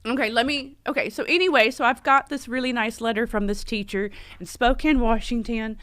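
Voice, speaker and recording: A woman hosting a casual live stream, chatty and rambling, full of fillers and quick self-corrections. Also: a little high, fairly even intonation, fairly bright tone, no room sound. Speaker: livestream host. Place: home in Las Vegas.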